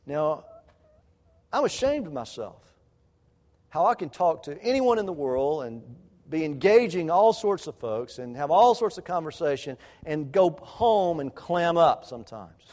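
A man preaching a sermon to parents, acting out quoted lines and dropping to quiet, low asides. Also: normal speed. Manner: animated preaching, acts out quotes, drops to soft low asides. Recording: long hall reverb.

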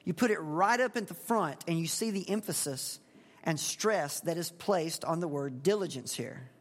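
A man's voice: fairly high pitch, expressive, moderate pace. Man preaching in a reverberant hall. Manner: conversational, asks the congregation questions. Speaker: pastor. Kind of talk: expository sermon.

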